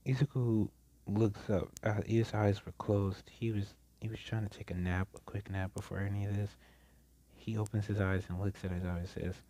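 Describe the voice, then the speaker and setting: A man's voice: on the low side, level tone, normal speed, mellow. A man casually narrating a fan story, rambling along with frequent restarts.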